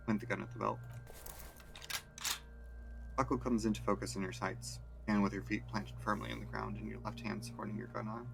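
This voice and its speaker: A man streaming a video game, reading its text aloud in a flat, deadpan way with wry asides. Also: lowish voice, fairly quick, vocal fry, long pauses, music in the background.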